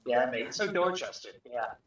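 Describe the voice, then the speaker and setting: A man's voice: medium pitch, lively intonation, normal speed, dull audio. A man making laid-back, offhand remarks on a gaming livestream. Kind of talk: casual chat. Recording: echoey, distant, noisy audio.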